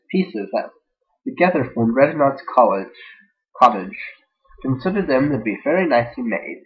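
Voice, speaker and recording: A man's voice: mid-range voice, sing-song, normal speed. A man casually reading a fan-fiction story aloud without edits, rambling with jokey asides and stumbling over words, on a dull lo-fi home mic.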